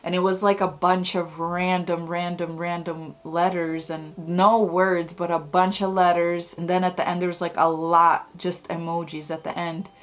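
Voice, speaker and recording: A young woman vlogger chatting to camera, telling personal stories in a casual, excitable way full of fillers. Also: lowish voice, moderate pace, few pauses. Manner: chatty, many "like"s and "oh my God"s. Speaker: YouTube vlogger.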